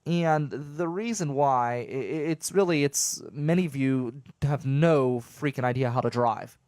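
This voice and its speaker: A man's voice: mid-range voice, measured pace, a little mellow, no room sound, clean studio sound. A young man from southwestern Pennsylvania hosting his own show, talking casually and animatedly to listeners, rambling with jokes and stammered restarts. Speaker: radio show host. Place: home studio.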